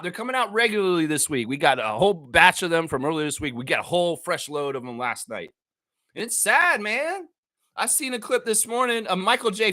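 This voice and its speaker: High, bright man ranting. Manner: heated, profane, ranting, often shouting. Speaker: sports show host. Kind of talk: casual fan rant.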